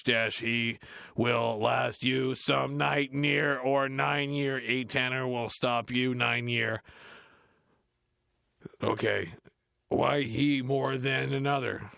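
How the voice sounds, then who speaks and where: An actor playing a dim, gruff heavy metal frontman, reading a book aloud in a deadpan, grumbling, dismissive way, with a gravelly, growly voice. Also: medium pitch, dry recording, clean studio sound, heavily acted. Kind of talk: comedic audiobook reading.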